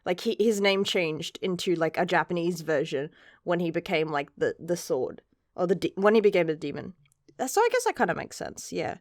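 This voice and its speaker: A woman's voice: lowish voice, very animated, brisk, dry recording, clean studio sound. A woman giving a casual chapter review in a chatty, rambling way, swearing now and then. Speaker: manga reviewer.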